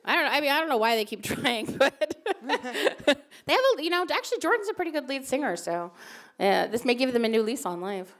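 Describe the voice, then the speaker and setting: Brief: woman author, thirties, fielding audience questions, easygoing and talky, a bit high-pitched. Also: animated, fast, a bit bright. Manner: chatty, laughing, many fillers. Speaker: author answering fan questions. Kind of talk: casual Q&A on stage.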